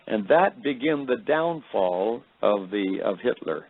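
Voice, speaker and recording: A man giving a personal testimony, telling his story in a halting, rambling way with many fillers, his voice deep and tired tonight. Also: animated. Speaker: speaker recounting a vision. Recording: phone-like radio broadcast.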